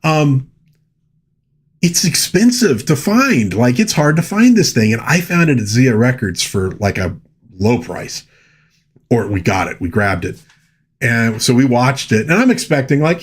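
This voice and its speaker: A man's voice: medium pitch, expressive, moderate pace, breathy edge. A middle-aged man hosting a casual live stream, chatting with enthusiasm and rambling through lots of fillers. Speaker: host.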